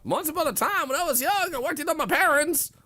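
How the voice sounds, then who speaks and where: A streamer voicing a squeaky, silly man telling a rambling story. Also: fast talker, bright, forceful tone, heavily acted. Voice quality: high, strained squeak.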